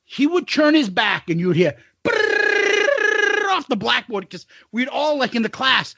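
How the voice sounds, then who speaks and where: A man's voice: extremely high pitch, animated, moderate pace, gravelly, very noisy. A middle-aged man co-hosting a podcast, telling profane school stories in casual chat and laughing through them. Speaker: podcast co-host.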